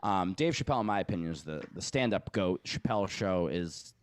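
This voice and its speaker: A man with a lowish voice holds forth in loose, profane podcast banter, rambling from one thing to the next and laughing along the way. The sound is close and dry on a studio mic. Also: lively intonation, brisk, no echo. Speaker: podcast host.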